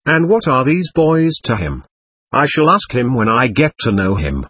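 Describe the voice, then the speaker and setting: Cocky mocking teen boy from a storybook, read by a guy, bit husky, lively up and down. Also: medium pitch, moderate pace, dry recording. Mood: musing. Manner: boastful, mocking. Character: cocky scheming boy of thirteen.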